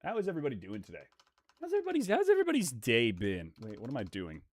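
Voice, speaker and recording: A young man in his twenties streaming casual chat while opening trading card packs, excitable and swinging from mumbled asides to loud hyped yells. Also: medium pitch, very fast, dry recording.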